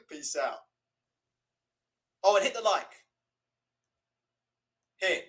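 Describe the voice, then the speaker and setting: A man's voice: high-pitched, lively intonation, drawn-out words, long pauses, pushed and bright, husky. A man from the West Indies hosting a boxing vlog, ranting casually with laughter and swearing. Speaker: boxing vlogger.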